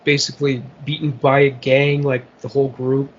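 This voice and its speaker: A man's voice: mid-range voice, little pitch movement, moderate pace. A man co-hosting a podcast in casual chat, chiming in with short questions. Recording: lo-fi podcast recording.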